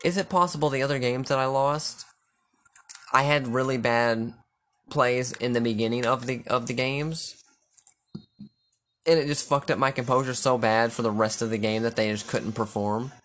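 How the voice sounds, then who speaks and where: Profane, excitable young-sounding gamer man. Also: mid-range voice, moderate pace, a little hiss or hum. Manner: profane, excitable, thinking aloud. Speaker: gamer playing a football video game. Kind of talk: casual gameplay commentary.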